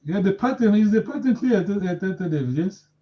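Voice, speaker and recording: A slightly high-voiced man leads a language class, patiently drilling his students and correcting their pronunciation. His voice comes through dull, lo-fi audio. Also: lively intonation, fairly quick. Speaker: language teacher. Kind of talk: live language lesson.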